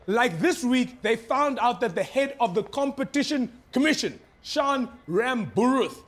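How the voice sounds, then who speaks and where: An actor playing a cheeky, mock-serious foreign correspondent with a South African accent in a satirical news sketch, delivered deadpan. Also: male voice, very high voice, measured pace, heavily acted. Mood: wry.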